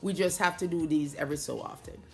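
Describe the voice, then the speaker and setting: A woman recounting the words of a polite male police officer in her own softened voice. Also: deep voice, fast talker, vocal fry, soft background music, voice pushed down. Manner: soft-spoken, courteous.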